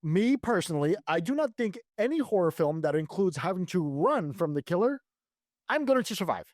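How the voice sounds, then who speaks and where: A man in his thirties co-hosting a podcast, telling stories in an animated, casual way with plenty of swearing. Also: sits high, brisk, dry recording, clean studio sound. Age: 30s. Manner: animated storyteller, swears freely. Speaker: podcast co-host. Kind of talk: casual chat.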